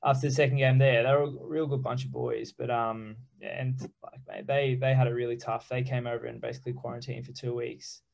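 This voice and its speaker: A young Australian man speaking as a guest in a relaxed interview, pausing often with ums and unhurried phrasing. His voice has a strong gravelly fry at a middle pitch. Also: poor audio. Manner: relaxed, halting with many ums, easy laughs. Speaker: professional rugby player, guest. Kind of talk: casual interview chat.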